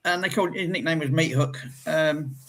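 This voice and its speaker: A man's voice: a little high, fairly quick, a bit bright, a little hiss or hum. An older man with an Irish accent, telling football stories in a rambling way, full of ums and restarts. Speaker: football fan pundit. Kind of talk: casual chat.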